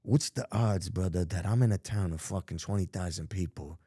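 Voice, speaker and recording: A man's voice: low-pitched, moderate pace, warm tone, husky, no echo, clean studio sound. A middle-aged man, a podcast guest telling his life story in blunt, profane street talk. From New York. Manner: profane, street-talking, emphatic. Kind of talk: candid storytelling.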